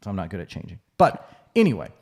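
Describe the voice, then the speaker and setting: A man's voice: sits low, wildly swooping pitch, fast, creaky, darkish tone, slightly rough. A man co-hosting a podcast in a casual, conversational way, with fillers and restarts. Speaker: podcast co-host.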